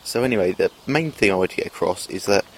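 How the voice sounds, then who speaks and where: A man's voice: low voice, expressive, fast, slight background noise. A man talking to camera in a rambling, hesitant monologue, full of fillers and restarts. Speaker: vlogger. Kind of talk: casual self-filmed monologue.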